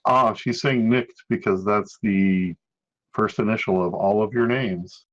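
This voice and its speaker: Game master, man, fairly low voice, dry jokes, muffled lo-fi sound. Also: a little slow. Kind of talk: narrating a tabletop game. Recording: dull lo-fi sound.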